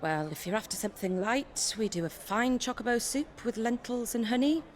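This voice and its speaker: A brisk, cheerful innkeeper, voiced by a woman in a video game. Her fairly high voice bobs lively up and down as she serves guests. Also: slight background noise, lightly acted.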